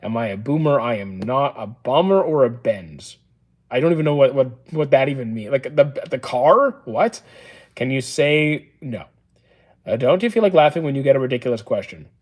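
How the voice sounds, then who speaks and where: A man in his thirties answers viewer questions on a casual livestream. He keeps a calm, level, matter-of-fact tone, dry rather than excitable, and often pauses on an "uh" before replying. His voice sits at an ordinary middle pitch for a man. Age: 30s. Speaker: livestream host. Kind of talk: casual livestream Q&A reading chat.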